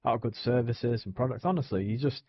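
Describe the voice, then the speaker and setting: A man's voice: mid-range voice, quick pace, breathy edge, dry recording, highs cut off. A young man, rambling casually on a live stream, swearing often and filling gaps with "you know what I mean". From England.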